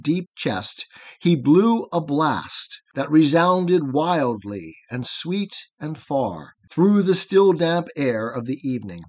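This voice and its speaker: A male audiobook narrator reads a long poem aloud, following its rolling metre in a steady, measured way. His voice sits a little higher than most men's. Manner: measured, rhythmic verse reading.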